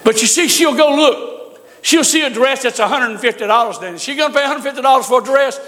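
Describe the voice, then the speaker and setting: An older male preacher with a very high, bright voice tells stories from the pulpit, folksy and humorous. His words ring out in a church sanctuary with a long reverb trailing behind them. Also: fast. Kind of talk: sermon.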